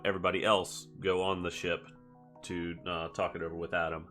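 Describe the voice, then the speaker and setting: Male player, lowish pitch, bright edge, measured and calm, faint music. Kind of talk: in-character tabletop play.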